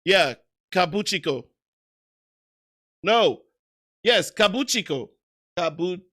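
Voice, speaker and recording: An American streamer chats casually on a livestream, loose and profane, laughing at himself while answering viewers. His voice sits high and is sing-song, slow, a bit bright, with frequent pauses.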